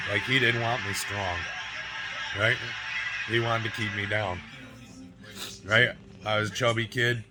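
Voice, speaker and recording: A man's voice: medium pitch, poor audio. Emotional, profane man in his forties. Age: 40s. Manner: raw, profane, keeps adding "right?" and "you know?". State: emotional, near tears. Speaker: fitness vlogger. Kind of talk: personal storytelling to camera. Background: music.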